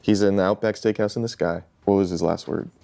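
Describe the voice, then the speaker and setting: A man in casual chat on a dating show, cracking deadpan one-liners. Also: on the low side, fast, creaky, background noise.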